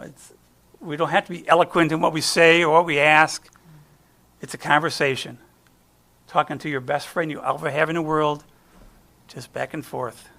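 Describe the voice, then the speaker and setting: Gravelly, bright-voiced folksy preacher man. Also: a little high. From United States. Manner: chatty and folksy, trailing off and restarting. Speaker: guest speaker. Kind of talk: conversational sermon with personal stories.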